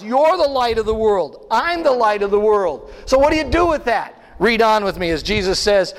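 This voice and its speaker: A man preaching a sermon as pastor, animated and full of rhetorical questions and asides to the congregation. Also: high-pitched, normal speed, hardly any pauses. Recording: long hall reverb.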